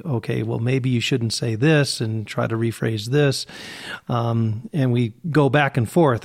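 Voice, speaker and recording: A man guest in an interview, the sales side of a family business, explaining things earnestly at length. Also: medium pitch. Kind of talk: casual interview talk.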